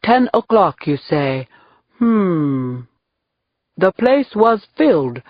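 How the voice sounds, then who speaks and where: A woman's voice: fairly low pitch, very animated, drawn-out words, dry recording, highs cut off, heavily acted. A woman voicing a jovial, evasive male club owner with a British accent, read as an audiobook. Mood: smooth, evasive. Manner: smooth and evasive. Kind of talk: audiobook reading.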